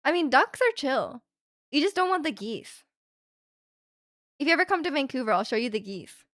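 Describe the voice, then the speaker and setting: A woman's voice: high voice, very animated, normal speed, a bit bright, dry recording, clean studio sound. A young woman livestreaming from home, chatting in a rambling way and reading out viewer comments with light laughs.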